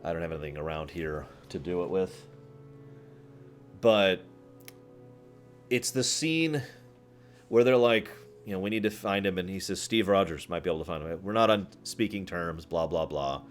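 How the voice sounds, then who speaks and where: A man streaming, chatting casually with his viewers in a rambling, animated way, often laughing and acting out scenes. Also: deep voice, normal speed, long pauses, faint music behind. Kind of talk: casual chat with live chat.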